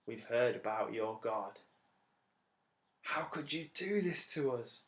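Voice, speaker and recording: A man's voice: medium pitch, lively intonation, takes it slowly, pitched below the performer's own voice. A man voicing frightened male sailors, asking anxious, pleading questions. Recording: roomy echo.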